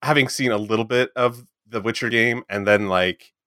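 A man's voice: mid-range voice, fairly even intonation, moderate pace, pushed and bright, no echo, clean studio sound. A man co-hosting a casual podcast, rambling with many filler words. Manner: rambling, lots of likes. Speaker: podcast co-host.

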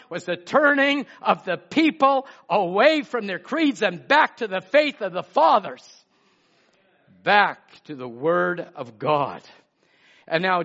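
A man preaching a sermon, swinging from loud exclamations to hushed asides. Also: sits high. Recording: muffled lo-fi sermon recording.

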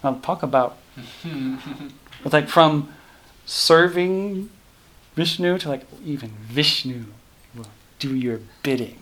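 A man with a slightly high voice explains a scripture story in a loose, casual class talk. He rambles, breaks off mid-sentence and fills gaps with small filler words. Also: slow, pauses often, fairly bright tone. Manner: rambling, self-interrupting, many fillers. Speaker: scripture teacher.

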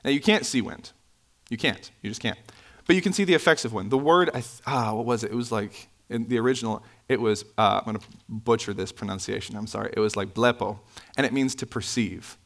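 A man preaching a sermon in a church, conversational with asides and self-corrections, his pitch jumping up when he stresses a point. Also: fast talker. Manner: animated, pitch swinging up for emphasis. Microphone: microphone, sometimes bumped.

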